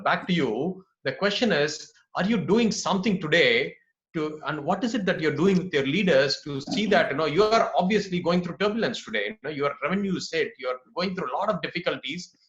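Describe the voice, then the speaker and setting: A man's voice: a little high, a bit bright. A man moderates a webinar panel over a video call, talking conversationally and tagging his points with "right?". The call audio is roomy and somewhat dull. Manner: conversational, many fillers and "right?" tags. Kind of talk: panel discussion, storytelling.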